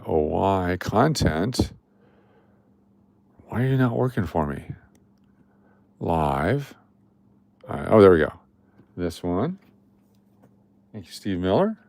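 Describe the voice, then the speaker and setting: A man's voice: deep voice, lively intonation, slow pace, gravelly, pauses often, a little mellow, no echo, studio quality. A middle-aged man from Las Vegas hosting a casual coin live stream, chatting and reading viewer comments aloud. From Las Vegas, Nevada. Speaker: livestream host running coin giveaways.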